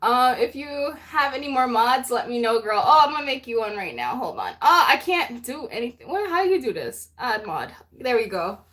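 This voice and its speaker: Giggly high-voiced woman livestreaming. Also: very animated, normal speed, hardly any pauses, a bit bright. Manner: chatty, giggly, greeting viewers by name. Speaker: livestream host. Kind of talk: casual live chat with viewers.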